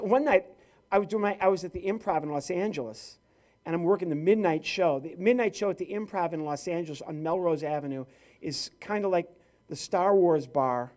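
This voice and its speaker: Guy doing stand-up at a company event, fairly high voice, playful and lively, chatting with the crowd. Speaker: comedian and ventriloquist. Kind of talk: live stand-up comedy with crowd work. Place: stage at a corporate client event.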